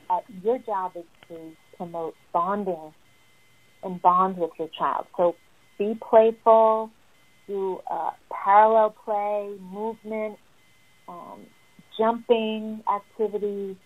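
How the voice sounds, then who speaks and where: A woman therapist explaining parenting advice in an earnest, emphatic teaching tone. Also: mid-range voice. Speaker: family therapist. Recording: tinny phone-like sound.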